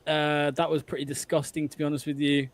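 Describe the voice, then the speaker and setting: A man hosts a live football watchalong and keeps the chat upbeat and casual. His voice is somewhat high for a man. He steers the stream along between bits of banter. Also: little pitch movement, brisk, no echo.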